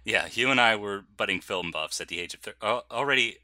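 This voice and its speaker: A man's voice: on the low side, a little fast, bright, forceful tone, dry recording. A man co-hosting a film podcast, chatty and laughing often, with frequent restarts. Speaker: podcast co-host. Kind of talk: casual film chat.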